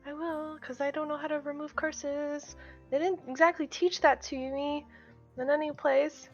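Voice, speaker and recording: A woman's voice: high voice, flat delivery, normal speed, muffled recording, faint music behind. A woman playing in a tabletop game, talking in a hesitant, apologetic way with lots of fillers. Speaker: player. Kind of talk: casual tabletop role-play.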